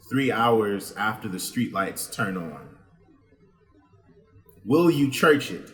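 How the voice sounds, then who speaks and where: A man reading his own poems in a rhythmic spoken word style that builds to loud, impassioned lines. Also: mid-range voice. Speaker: poet reading his work.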